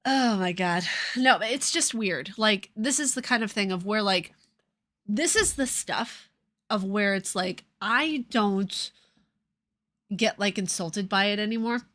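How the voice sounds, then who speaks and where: Woman streamer with a New Jersey-New York accent, casual live chat, sarcastic and salty, mid-pitched voice. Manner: sarcastic, profane, quick swings between loud and muttered.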